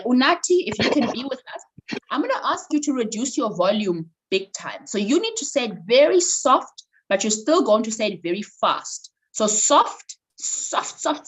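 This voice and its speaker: A woman leading an online voice workshop over a video call, animated and coaxing. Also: medium pitch, breathy edge, poor audio. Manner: animated, instructive, coaxing participants. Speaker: voice coach running a workshop.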